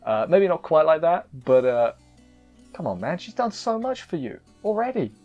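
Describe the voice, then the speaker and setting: A man's voice: on the high side, big pitch swings, moderate pace, mellow, lo-fi sound, faint music behind. A man reviewing an anime episode in casual chat, rambling and emotional, often cutting himself off mid-sentence. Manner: emotional, rambling, self-interrupting.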